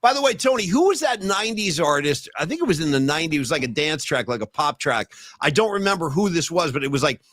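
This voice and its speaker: A man co-hosting a podcast in casual sports chat, animated and joking, breaking into bits of song. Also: fairly high pitch, fast, hardly any pauses, no room sound, studio quality. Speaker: podcast co-host.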